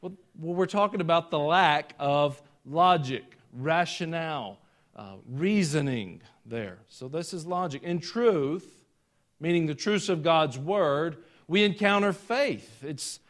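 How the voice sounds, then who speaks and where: A man's voice: fairly high pitch, animated, slow. A middle-aged man with a Southern US accent, preaching a sermon as pastor, rising and falling in volume. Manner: preacherly, rises and falls in volume.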